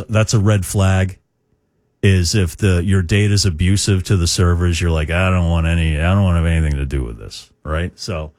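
A man's voice: deep voice, darkish tone, dry recording, studio quality. A man hosting morning rock radio, chatting in a rambling, opinionated way with lots of fillers. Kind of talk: radio talk. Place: radio studio. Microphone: studio microphone.

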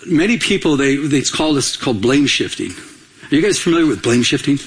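A male pastor preaching a sermon in an animated way, acting out everyday dialogue and repeating himself as he talks. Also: on the high side. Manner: animated, acts out quoted dialogue, frequent repetitions.

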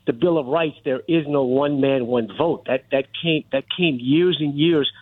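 A middle-aged man calls in to a radio show, his voice a bit high for a man and squeezed through a tinny phone line. He argues insistently and keeps the floor when interrupted. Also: moderate pace. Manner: insistent, argumentative, holds the floor. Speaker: caller. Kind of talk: call-in radio talk.

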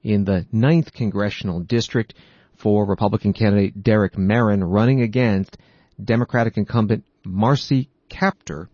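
A man reading scripted news narration in a measured, formal manner. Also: lowish voice, darkish tone, slightly rough, no echo, lo-fi sound. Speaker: news anchor.

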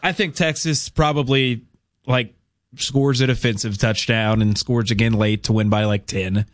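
A man's voice: medium pitch, steady tone, normal speed, no room sound, clean studio sound. A man on a sports talk radio show, giving thoughtful, conversational football analysis. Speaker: radio co-host.

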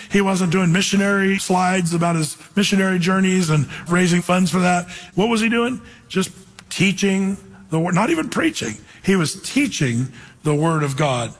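A man's voice: sits high, big-room sound, low-quality recording. A man preaching an expository sermon as a pastor, reading scripture aloud and urging his listeners with earnest emphasis.

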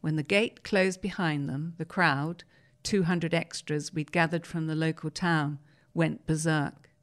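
A woman host reads a newspaper interview aloud in a measured, storytelling manner. Her voice is somewhat low. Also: steady tone. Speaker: host reading articles. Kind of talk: reading a magazine article aloud.

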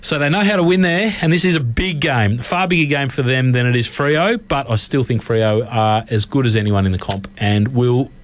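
Chatty Australian man, mid pitch. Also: normal speed, hardly any pauses. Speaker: sports radio co-host. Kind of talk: casual sports radio chat.

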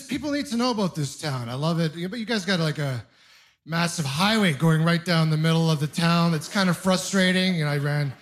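A young man from Ontario performing a stand-up comedy set on a club stage, telling animated, self-mocking stories into a handheld mic. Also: sits high. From Ontario, Canada.

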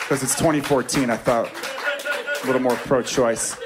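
A man's voice: mid-range voice, fairly even intonation, normal speed. A man doing brash, self-mocking stand-up comedy and laughing at his own lines. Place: comedy club. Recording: club with audible crowd.

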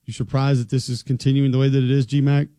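A man hosts a sports talk show, setting up each topic and keeping the segment moving with wry remarks. His voice is mellow, and the recording is close and dry. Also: mid-range voice, flat delivery, fast, no room sound. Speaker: sports radio host.

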